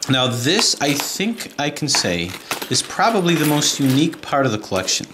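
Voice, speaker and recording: A man talking casually at home at night, unboxing and demonstrating a puzzle with eager, chatty enthusiasm. His pitch swings widely as he talks, and steady hiss and clicks run under the home recording. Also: normal speed. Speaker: puzzle collector and video host. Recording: noisy home video with clicks.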